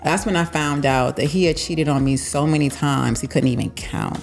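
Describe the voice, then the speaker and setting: A woman guest on a podcast, talking candidly and emphatically about a painful time, repeating phrases and filling pauses with "um" and "like.". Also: deep voice, gravelly, soft background music. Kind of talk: candid conversational storytelling.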